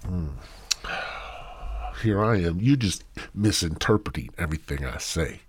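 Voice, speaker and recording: A man's voice: deep voice, expressive, a little slow, slightly rough, dry recording. A man hosting a podcast in a rambling, crude, goofy monologue full of swearing. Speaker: podcast host.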